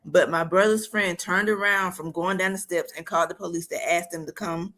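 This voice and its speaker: A woman's voice: lowish voice, fairly even intonation, a little fast, fairly bright tone. A young woman telling her own story of surviving a shooting in a blunt, matter-of-fact way. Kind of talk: candid personal story.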